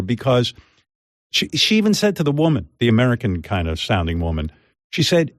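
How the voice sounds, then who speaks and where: An older radio personality with a mid-range voice and normal pace spins a long, winding story in casual talk on a studio microphone. Animated, he mimics others' voices in quotes, and the recording has no echo.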